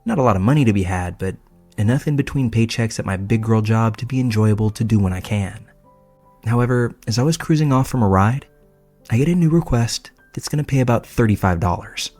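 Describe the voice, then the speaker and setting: A man's voice: fairly low pitch, a little mellow. Man narrating a horror story. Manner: measured storytelling, casual profanity. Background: faint music.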